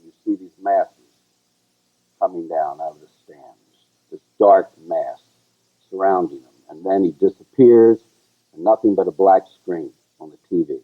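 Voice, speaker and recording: Male co-host, husky storyteller, tinny phone-like recording. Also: measured pace, pauses often. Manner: animated storyteller who sings high "la la" bits. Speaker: show co-host. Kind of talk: casual storytelling chat.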